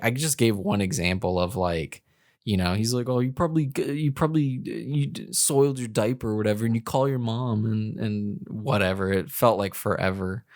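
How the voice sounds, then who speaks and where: Low-voiced man telling a rambling story. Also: dry recording, studio quality. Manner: rambling, many fillers and restarts. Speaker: podcast co-host. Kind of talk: casual storytelling.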